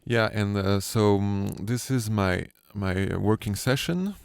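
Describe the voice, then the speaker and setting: Slow, gravelly French-accented man. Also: on the low side, a little mellow, no echo, studio quality. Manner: hesitant, many fillers and restarts. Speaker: sound designer. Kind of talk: tutorial walkthrough. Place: home studio.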